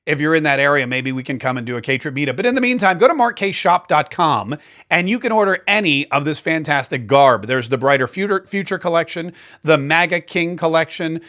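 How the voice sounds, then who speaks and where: Brief: male commentary host, higher-than-average voice, loose rambling delivery with sarcastic asides. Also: expressive, brisk, fairly bright tone. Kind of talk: casual political commentary.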